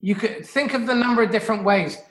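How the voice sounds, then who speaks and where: A coach explains communication techniques on a radio show, talking fast and checking in often with "yeah?". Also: medium pitch, a bit bright, echoey room, rough recording. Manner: quick, instructive, checks in with "yeah?".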